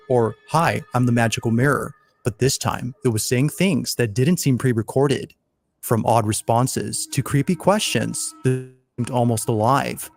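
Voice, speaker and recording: A man narrating a compilation of scary videos in a steady, measured, scripted storytelling voice. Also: mid-range voice, gravelly. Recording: faint music underneath.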